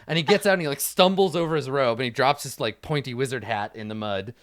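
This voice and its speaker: A man narrating as game master of a tabletop game in an animated, casual way, with lots of 'like' fillers. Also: medium pitch, fast, dry recording, clean studio sound.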